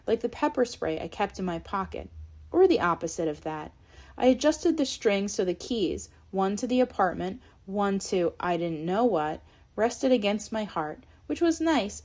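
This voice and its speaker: A woman reading an audiobook chapter in a steady, measured narration. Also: medium pitch. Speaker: audiobook reader. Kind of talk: scripted narration.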